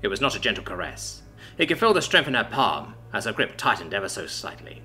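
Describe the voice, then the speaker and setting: Man, story narrator, dramatic reading, very animated pitch, faint music behind. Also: fairly quick. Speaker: audiobook narrator. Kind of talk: scripted fantasy story narration. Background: faint background music.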